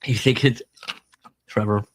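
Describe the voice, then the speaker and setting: A man's voice: fairly low pitch, steady tone, a little slow, a little hiss or hum. A man hosting a podcast, casually retelling a book's plot with jokey, self-deprecating asides. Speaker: podcast host. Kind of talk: casual book-discussion chat.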